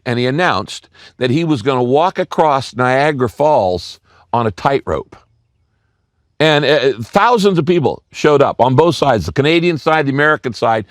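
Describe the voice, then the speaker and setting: A man's voice: medium pitch, no echo, clean studio sound. An older man preaching a sermon, telling stories and acting out quoted voices, repeating key lines for emphasis. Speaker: pastor.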